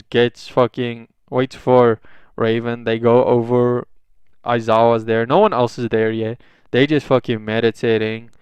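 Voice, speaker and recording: A man's voice: medium pitch, clear, resonant tone, dry recording. A young man casually improvising a fan fiction story, rambling with lots of swearing and fillers.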